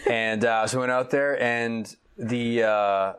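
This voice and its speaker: A man's voice: medium pitch, steady tone, takes it slowly, fairly bright tone, clear, resonant tone. A man co-hosting a casual podcast from his couch by the fire, chatting easily and often checking in with "right?". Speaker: podcast co-host. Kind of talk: casual chat. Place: living room by the fireplace, on a couch. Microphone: old basic podcast microphone.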